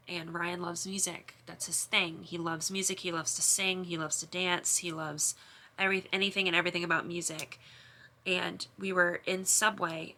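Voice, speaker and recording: A woman's voice: lowish voice, sharp tone, a little hiss or hum. A young woman vlogger talks to camera in an emotional, confessional way, rambling with many restarts and fillers.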